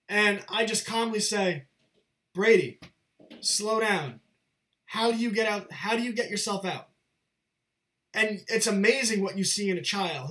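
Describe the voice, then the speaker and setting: A man's voice: high-pitched, fairly bright tone. A young man, a show's host, talking in an earnest, lecturing monologue and repeating his points. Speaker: channel host. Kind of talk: casual monologue to camera.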